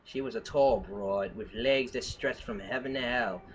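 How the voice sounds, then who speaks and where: A man's voice: mid-range voice, moderate pace. A man reading fan fiction aloud on a live stream as a hammy noir narration, with asides and self-corrections. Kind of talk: comic dramatic reading.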